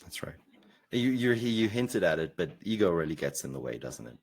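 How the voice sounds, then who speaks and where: Lively South African man hosting. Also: sits low, normal speed. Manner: animated, repeats words when starting. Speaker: podcast host. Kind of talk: interview conversation.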